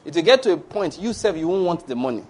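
Pastor preaching with laughter. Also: male voice, fairly high pitch, quick pace. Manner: lively preaching, laughs at his own stories, call-and-response blessings. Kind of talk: sermon with closing prayer and blessings.

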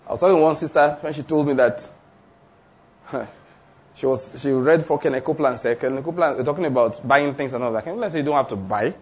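A man delivers a sermon in a husky, somewhat high voice. He is emphatic, throws questions to his listeners, and repeats declarations for weight. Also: fast, a little mellow. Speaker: preacher.

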